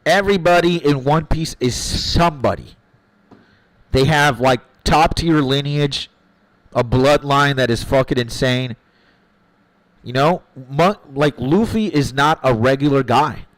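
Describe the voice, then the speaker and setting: With a medium-pitched voice and a slightly slow pace, a man streams a game and chats loosely with his audience, cursing a lot and voicing firm opinions. He tends to repeat himself as he works out what to say, on a low-quality recording without echo.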